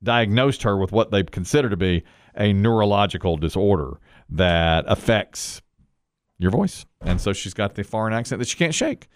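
Animated male radio host. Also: fairly low pitch. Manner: animated, chatty, quick to laugh. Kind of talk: casual talk radio chat.

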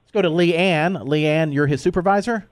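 A man's voice: a little high, normal speed, dry recording. A man hosting a morning radio show, running the segment with playful, teasing banter. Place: radio studio.

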